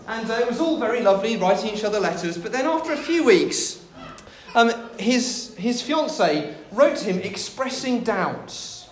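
A man's voice: high-pitched, echoey room. A man preaching a sermon, telling a story with light humor.

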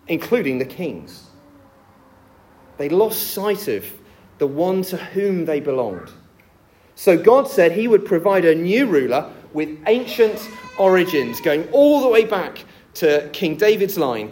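Lively male preacher giving a sermon. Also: a little high. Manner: lively, jokey storytelling delivery.

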